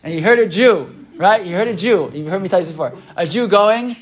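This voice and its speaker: A man's voice: high voice, brisk. A man teaching a casual Torah class, chatty and conversational, often tagging "right?" onto his points and acting out the people in his stories. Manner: chatty, keeps asking "right?"; acts out quoted voices in his retelling.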